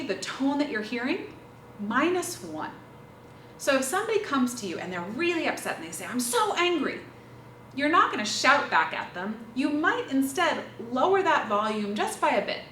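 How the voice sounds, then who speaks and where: A woman trainer talks through listening skills with a lively, bouncing pitch and a slightly high voice, illustrating each point with examples. She sits back from the mic in an echoey room. A faint ambience hums underneath. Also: recorded from a distance, slight background noise. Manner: lively, demonstrative, explains with examples. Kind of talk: instructional talk on listening skills.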